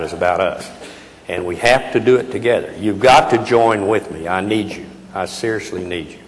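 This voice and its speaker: A man in his eighties giving a keynote speech in a folksy, emphatic way with frequent hesitations. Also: lowish voice. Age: 80s. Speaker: keynote speaker. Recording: reverberant hall, faint noise.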